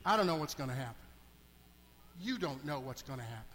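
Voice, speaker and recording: A middle-aged man, a deacon, preaching a sermon in a church, animated and swinging between hushed asides and emphatic calls. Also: medium pitch, fairly quick, a little hiss or hum. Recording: long hall reverb.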